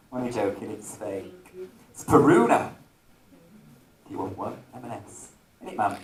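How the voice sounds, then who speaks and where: A man's voice: mid-range voice, very animated, a little slow, crowd noise. A man doing camp, self-mocking stage banter as a drag entertainer at a holiday park venue. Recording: echoey venue recorded from far off.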